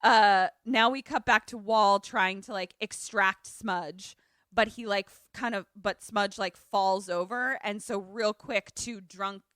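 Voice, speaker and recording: Taking it slowly in a medium-pitched voice, a podcast co-host chats through a movie recap, animatedly voicing the characters' quoted lines as she goes. The sound is clean studio audio with no echo.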